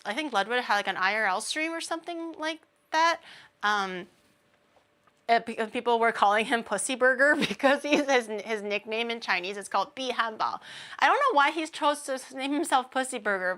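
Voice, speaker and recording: A woman VTuber streamer chatting casually on stream, telling animated stories, laughing often and mimicking people. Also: a little high, fairly quick.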